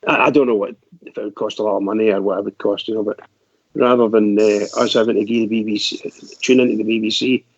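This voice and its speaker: A man's voice: fairly low pitch, fairly even intonation, quick pace, husky, dry recording. A man co-hosting a fan radio show, hesitant, stumbling and repeating his words. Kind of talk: casual fan radio chat. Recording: dry, dull lo-fi line.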